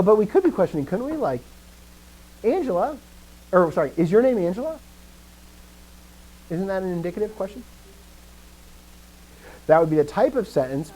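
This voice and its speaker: A man's voice: high voice, poor audio. A man teaching a live grammar lesson, asking the class questions and restarting his sentences as he thinks. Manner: lively, asks questions and answers himself.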